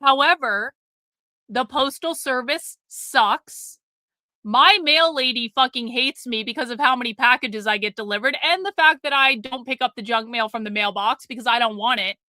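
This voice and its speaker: A woman's voice: high voice, sharp tone, dry recording. A middle-aged woman hosting a casual livestream, blunt and profane as she talks to her chat. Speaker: livestream host.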